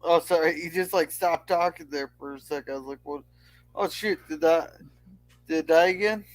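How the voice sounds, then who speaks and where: A man's voice: on the high side, normal speed. A man joining a casual online chat as a panel guest, teasing and holding back a joke, heard through a video call.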